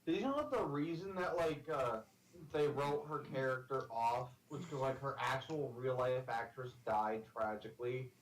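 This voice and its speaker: A man's voice: mid-range voice, moderate pace, low-quality recording. A young man streaming a game, talking in a rambling, filler-heavy, swearing way. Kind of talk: casual chat on a game stream.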